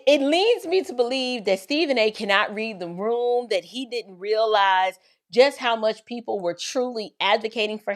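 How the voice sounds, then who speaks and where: A woman hosting an opinionated commentary vlog, speaking with sarcastic, mocking emphasis. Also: fairly high pitch. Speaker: commentary host.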